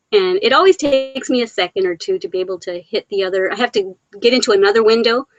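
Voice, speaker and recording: A woman's voice: mid-range voice, animated, brisk, pauses often, muffled recording, over music. A woman hosting a casual live Q&A stream. She reads viewer comments aloud, laughs often and talks with affection, though she is worn down emotionally. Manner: affectionate and chatty. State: emotionally worn after a hard weekend.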